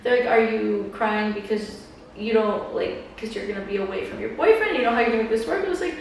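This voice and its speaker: A young woman hosts a podcast in loose, chatty talk and often acts out the voices of people she quotes. Her voice has a gravelly, slightly high edge. The room is strongly echoey, and she sits a little away from the mic. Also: quick pace, far from the mic, a little hiss or hum. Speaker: podcast host. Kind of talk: casual chat.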